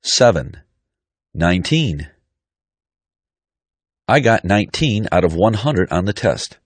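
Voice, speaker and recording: Man, very deep voice, lively pitch, slow deliberate drill reading. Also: no echo. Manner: deliberate, clearly articulated reading. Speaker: pronunciation teacher.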